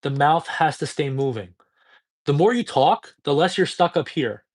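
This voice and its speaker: A man's voice: lively intonation, moderate pace. Casual, profane dating coach man. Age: 30s. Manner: casual, profane, high-energy; reads chat questions aloud and answers. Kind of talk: live stream Q&A.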